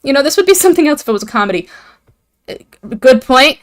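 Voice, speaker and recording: A woman's voice: high voice, animated, fast. A young woman hosting a video, giving an irreverent, profane comedic recap of a story and acting out the characters' lines. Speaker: video host.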